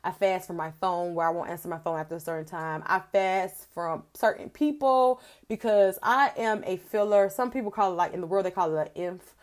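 A woman's voice: lowish voice, fairly quick, few pauses. A woman hosting a faith podcast, talking earnestly and conversationally about prayer and acting out her own prayers as she goes. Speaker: podcast host. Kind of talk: faith teaching monologue.

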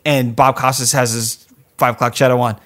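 A man's voice: medium pitch, flat delivery, moderate pace, fairly bright tone. Laid-back guy swearing through a movie chat. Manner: swears freely, acts out quotes. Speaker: podcast co-host. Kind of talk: casual movie review chat.

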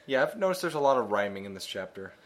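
A man's voice: fairly low pitch, big pitch swings, fast talker, a bit bright. A man guest co-hosting a podcast, chatting casually with dry jokes and frequent laughter. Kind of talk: casual chat.

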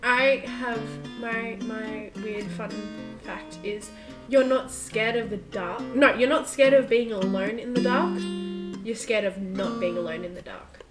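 A woman's voice: fairly high pitch, measured pace, music in the background. A young woman from Australia co-hosting a casual podcast, giggly and scattered, often breaking off mid-sentence. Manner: giggly, scattered, self-interrupting. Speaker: podcast co-host. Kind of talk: casual chat.

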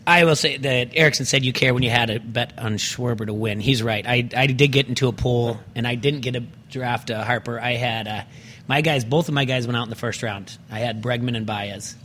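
A man's voice: mid-range voice, brisk, fairly bright tone. A man with a middle-range voice talks baseball in a casual podcast chat. He stops and restarts his sentences as he goes, with faint noise in the background. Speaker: sports podcast guest.

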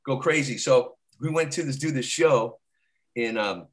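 A man's voice: mid-range voice, a little slow, noisy background. A man, a comedian guest, telling rambling stories in casual talk and often tagging "right?". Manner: rambling, constantly adds "right?"; laughs while telling stories.

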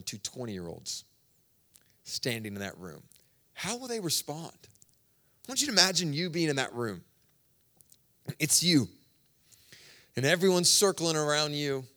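A man preaching a sermon in a conversational, storytelling way, swinging between loud bursts and hushed asides. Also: fairly high pitch, big pitch swings, unhurried, long pauses.

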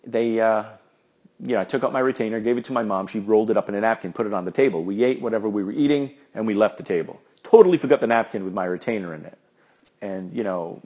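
A middle-aged man with a low, husky voice hosts his own podcast. He talks in a loose, rambling, self-deprecating way, like he is chatting with friends. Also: quick pace, a little mellow. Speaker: podcast host. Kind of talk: casual solo podcast talk.

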